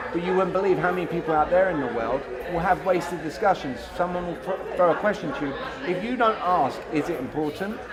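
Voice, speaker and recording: Blunt man, sales trainer on stage, slightly high voice, loud crowd behind. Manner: blunt, animated, acts out both sides of dialogues. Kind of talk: talk to a live audience.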